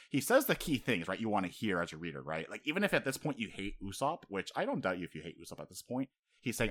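A young man co-hosting a podcast who recaps a story in casual, animated chat, swearing freely and acting out character lines. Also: lowish voice, fast talker. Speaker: podcast co-host.

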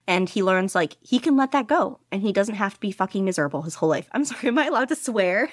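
A woman's voice: medium pitch, lively intonation, fast talker, hardly any pauses, dry recording, studio quality. A young woman being interviewed about her hobby, chatting casually in a rambling, enthusiastic way with lots of fillers. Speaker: guest podficcer.

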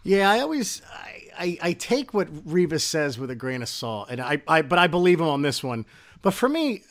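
A man co-hosting a sports podcast, talking in casual chat and going off on animated rants. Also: on the high side, moderate pace. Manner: ranting, animated complaints. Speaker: podcast co-host.

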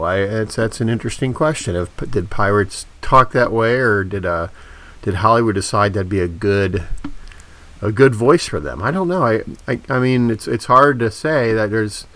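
A podcast co-host with a lowish voice that sounds pushed and bright tells stories in casual chat. He's hesitant and self-deprecating, restarting his sentences often.

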